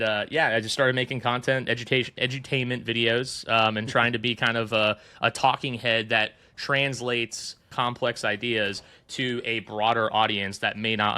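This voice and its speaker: Man, podcast guest, casual chat, filler-heavy, laughs a lot, bright forceful tone. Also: mid-range voice, clean tone.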